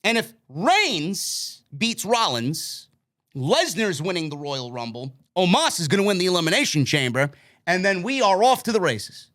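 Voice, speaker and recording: A man's voice: sits high, very animated, normal speed, fairly bright tone. A man hosting a wrestling news podcast, ranting emphatically and swearing freely. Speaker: podcast host. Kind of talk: wrestling news commentary rant.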